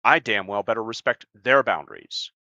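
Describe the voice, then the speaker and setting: Guy on a podcast, blunt and swearing a lot, forceful voice, kinda dull dry audio. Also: on the low side, expressive, moderate pace, dry recording. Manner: blunt, emphatic, swears freely. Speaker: podcast co-host and life coach. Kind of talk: casual podcast talk.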